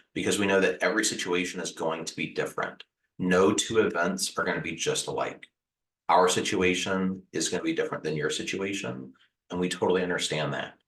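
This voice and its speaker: A man's voice: deep voice, roomy sound, rough recording. A man hosting a video on recovering after a house fire, talking earnestly and reassuringly to the viewer, with repeated phrases and the odd "uh". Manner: gentle, reassuring, repetitive phrasing with fillers. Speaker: host sharing house fire recovery advice. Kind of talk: earnest direct-to-camera advice talk.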